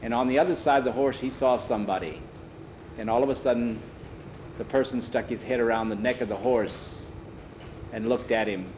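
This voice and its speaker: A man telling a story aloud in a plain, unhurried way, acting out the dialogue. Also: mid-range voice, lo-fi sound, background noise. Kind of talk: casual oral storytelling.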